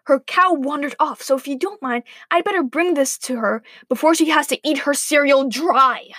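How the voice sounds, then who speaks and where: A woman's voice: high-pitched, animated, a little slow, a bit bright, no room sound, clean studio sound, full character voice. A woman voicing a snappy, sarcastic young girl in a spoken story.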